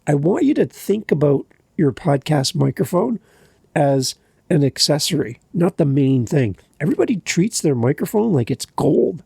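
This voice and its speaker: Lively, gravelly man ranting about mic habits. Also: fairly high pitch, normal speed, no echo, studio quality. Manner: energetic, exasperated, lively teaching. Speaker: podcast host. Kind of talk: podcast advice monologue. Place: home basement. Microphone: studio mic, a bit back from it.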